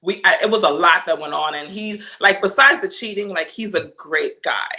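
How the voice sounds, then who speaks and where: Bright-voiced woman telling a story. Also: on the low side, moderate pace. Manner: animated, profane, acts out both sides of conversations. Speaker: podcast guest. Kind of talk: casual chat, storytelling.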